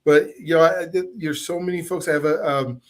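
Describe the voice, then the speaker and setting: A man with a fairly high voice hosts a casual interview. He asks long, winding questions and fills the pauses with warm murmurs of agreement. His tone is supportive and easygoing. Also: steady tone. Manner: supportive, rambling questions with many listening sounds. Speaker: podcast host.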